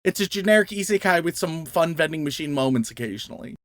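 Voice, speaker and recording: A man on a podcast launches into an exasperated, profanity-laced rant. He cracks himself up and shouts as he goes. The sound is dry and close, with no room behind him. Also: a little high, lively intonation, fast, dry recording. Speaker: podcast co-host. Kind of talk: casual ranting chat.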